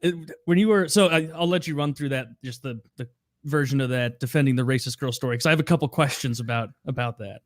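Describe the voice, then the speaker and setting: A man's voice: mid-range voice, fast talker, no room sound, clean studio sound. A male podcast host chatting casually and laughing often. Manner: laughs often, brief reactions. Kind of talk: casual chat.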